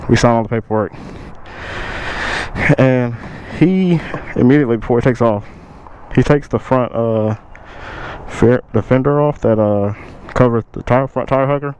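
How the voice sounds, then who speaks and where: A young man, casually telling a storytime and quoting others in a raised, lively voice. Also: mid-range voice, measured pace, pauses often, a little hiss or hum, low-quality recording. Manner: animated retelling, quotes others in raised voice. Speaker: motovlogger.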